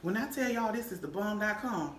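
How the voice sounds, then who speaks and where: A woman's voice: mid-range voice, animated, brisk. A woman hosting her own cooking vlog, chatting casually to viewers and humming over the food as she tastes it. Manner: chatty, savoring aloud with lots of hums and "y'all". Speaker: cooking channel host. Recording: echoey room with faint noise.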